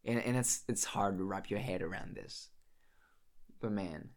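A man's voice: lowish voice, a little slow. Emotional young man rambling to camera. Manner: emotional, rambling, swears often, many restarts. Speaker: vlogger. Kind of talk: casual monologue to camera.

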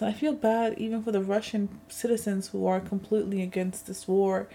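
A woman's voice: mid-range voice, little pitch movement, brisk, dark tone, a little hiss or hum. A young woman in a casual vlog, venting in a rambling way with frequent swearing and sarcastic asides. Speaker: vlogger. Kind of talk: casual chat.

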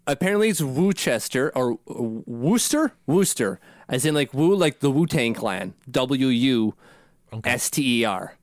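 A man's voice: medium pitch, expressive, unhurried, dry recording, studio quality. A man co-hosting a casual sports podcast, rambling and poking fun at himself as he talks. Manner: rambling and self-deprecating, laughs at himself. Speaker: podcast co-host.

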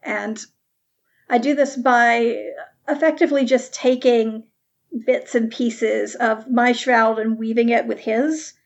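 A woman player in a tabletop role-playing game, relaxed as she explains the rules. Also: fairly high pitch, lo-fi sound.

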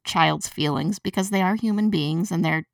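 A woman's voice: fairly low pitch, normal speed, vocal fry, far from the mic. A woman guest on a podcast, blunt and emphatic, swearing freely as she chats casually. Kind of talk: casual chat.

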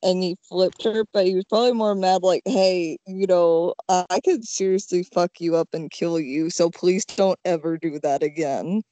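A woman's voice: fairly low pitch, fairly even intonation, normal speed, few pauses, mellow, no echo. Woman with a dry, close sound. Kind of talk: casual podcast discussion.

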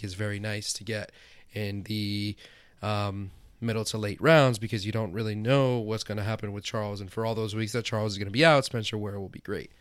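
Smooth-voiced man talking fantasy football. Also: on the low side, a bit bright, no room sound. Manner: quick, chatty advice with many fillers. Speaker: podcast co-host. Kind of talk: casual fantasy football chat.

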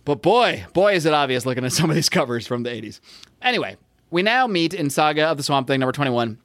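Smooth-voiced American man, dry close sound. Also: on the high side, big pitch swings, quick pace, fairly bright tone, no room sound. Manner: rambling, self-correcting, laughs often. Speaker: podcast co-host. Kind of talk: casual comic book podcast chat.

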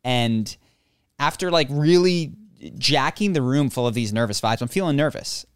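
A man in his own casual chat, telling a story with lots of animation and mock voices. His pitch sits in the middle for a man, and the sound is dry and close, with no room behind it. He pokes fun at himself as he goes. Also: moderate pace, clear, resonant tone, dry recording. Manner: animated, acts out quoted voices, laughs often; self-deprecating humor.

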